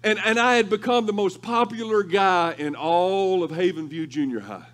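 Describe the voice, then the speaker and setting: A male pastor preaching a sermon through lively, humorous storytelling. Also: sits high, moderate pace. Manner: animated, humorous storytelling with laughter.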